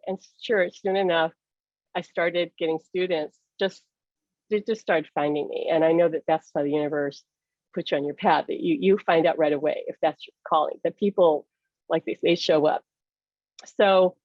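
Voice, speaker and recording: A woman with a fairly low voice, appearing as a psychic medium guest, animatedly tells personal stories, laughing often and acting out the dialogue she recalls. The recording is dry, with the highs cut off.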